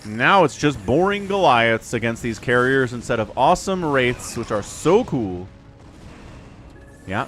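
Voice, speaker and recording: A man giving live game commentary as a streamer, chatty and excitable, laughing often and talking to his chat. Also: mid-range voice. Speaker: esports caster and streamer.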